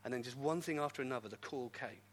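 A middle-aged man, a pastor, telling his story in a sermon with lively, self-deprecating humor. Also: medium pitch, quick pace, a little hiss or hum. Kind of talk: testimony sermon.

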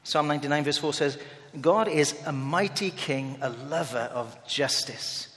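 Male preacher, animated, slightly high voice, echoing hall sound. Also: a little slow. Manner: animated, dramatizing quoted speech. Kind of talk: sermon. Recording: long hall reverb.

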